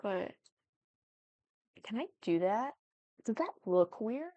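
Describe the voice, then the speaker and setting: A woman's voice: mid-range voice, animated, takes it slowly, warm tone, no room sound. A young woman chatting casually as she builds in a life-sim game, thinking aloud and often apologizing. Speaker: Sims building YouTuber. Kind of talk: casual gameplay commentary.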